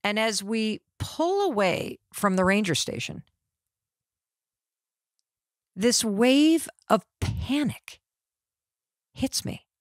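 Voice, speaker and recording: A middle-aged woman hosting a podcast, telling a personal story with lively acted-out quotes of the people in it. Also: fairly high pitch, slow pace, no room sound, studio quality. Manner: acts out quoted voices of family and ranger. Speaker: podcast host.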